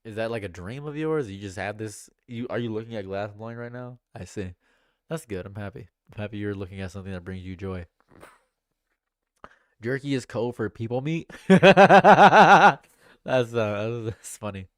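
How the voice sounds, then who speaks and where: Smooth-voiced joking male streamer. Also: fairly low pitch, brisk, darkish tone, no room sound, clean studio sound. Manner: joking, chatty, reads and answers chat. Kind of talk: casual live-stream commentary.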